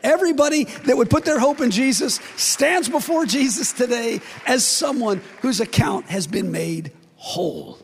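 A man's voice: extremely high pitch, expressive, moderate pace, hardly any pauses, a little hiss or hum. A man preaching a sermon, acting out the voices of God and his listeners. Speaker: pastor. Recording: long reverb of a large hall.

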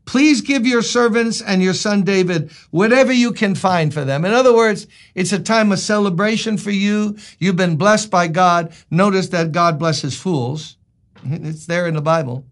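A man's voice: high-pitched, normal speed. A man preaching a sermon as a pastor, telling the story in a conversational, joking way.

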